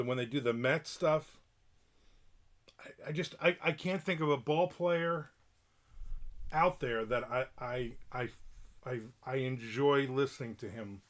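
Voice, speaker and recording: A man's voice: fairly high pitch, a bit bright. A middle-aged man hosting a livestream, giving a casual rant in a blunt, profane and opinionated way. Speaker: livestream host.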